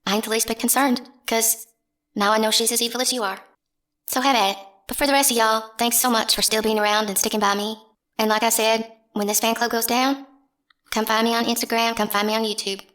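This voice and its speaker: A young woman with a drawl vents bluntly at her camera in a casual vlog. Her voice sits a bit high, and she rambles on with plain scorn. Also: little pitch movement, a little fast, fairly bright tone. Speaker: channel host.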